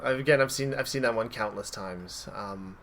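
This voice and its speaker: A young man co-hosting a podcast, chatting in a relaxed way and laughing often. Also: lowish voice, normal speed, creaky. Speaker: podcast co-host. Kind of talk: casual chat.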